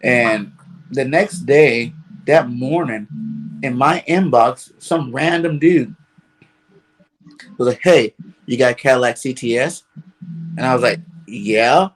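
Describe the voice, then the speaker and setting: A caller with a mid-range voice rambles through a long personal story in casual conversation, constantly filling gaps with "you know." He speaks slowly, with long pauses.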